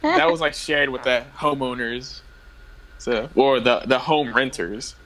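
A man's voice: mid-range voice, measured pace, over a noisy crowd. A young man telling a teasing story about a friend in casual podcast chat.

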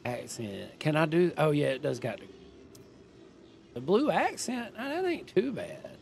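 Gravelly, animated man streaming a game. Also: on the high side, a little slow, slight background noise. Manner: thinks aloud, chatty and indecisive. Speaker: gaming streamer. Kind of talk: casual gameplay commentary.

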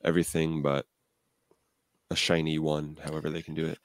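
A man chatting casually as a panel guest over a video call, quick and enthusiastic. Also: rumbling low, little pitch movement, no echo.

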